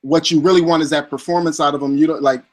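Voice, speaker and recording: A man hosting an interview, asking long searching questions with halting restarts. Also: fairly high pitch, steady tone. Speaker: interview host.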